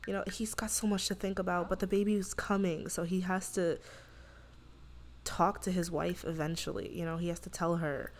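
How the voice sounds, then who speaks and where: A woman's voice: lowish voice, steady tone. Chatty young woman narrating a game. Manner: chatty, lots of fillers, quick asides. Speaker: gaming YouTuber. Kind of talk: let's play commentary.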